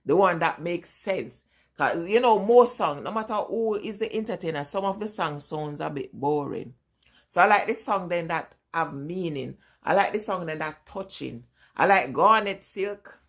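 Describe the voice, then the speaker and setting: A woman's voice: lowish voice, lively intonation, normal speed. A middle-aged Jamaican woman with a strong Jamaican accent, chatting casually and rambling as she answers viewers in a live vlog. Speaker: vlogger.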